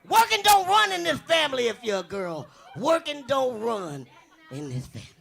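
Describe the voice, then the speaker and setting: A young woman from the US West Coast doing a brash, bawdy stand-up comedy routine with a big voice and loud punchlines. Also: high voice, big pitch swings, normal speed, gravelly, a faint crowd.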